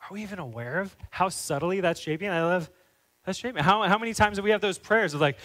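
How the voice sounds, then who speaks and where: A man delivers a sermon from the pulpit in a somewhat raised, higher-pitched voice. He talks earnestly and then climbs into fervent, pressing questions. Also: animated, fast, fairly bright tone, rough recording. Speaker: pastor.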